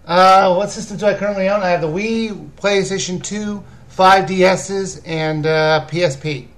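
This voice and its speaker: Guy with a fairly high voice chatting on a live stream, answers viewer questions, kinda rambly. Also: fairly even intonation, normal speed, fairly bright tone. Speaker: video game reviewer and host. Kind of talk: casual live chat.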